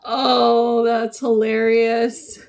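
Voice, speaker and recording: On a livestream, a woman paints while playfully answering viewer comments in casual chat. Her voice is fairly high and darkish, with little pitch movement, and she speaks very slowly.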